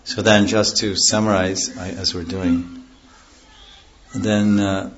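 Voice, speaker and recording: A man with a low voice delivers a devotional class slowly and flatly, his tone fairly bright and the recording muffled. He rambles, digressing into stories and losing the thread, then explains scripture terms plainly.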